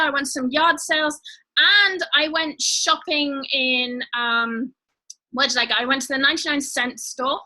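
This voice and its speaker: A woman's voice: high-pitched, pushed and bright, low-quality recording. A woman hosting a live online show, chatting casually with viewers in a bubbly way with lots of fillers. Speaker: livestream host.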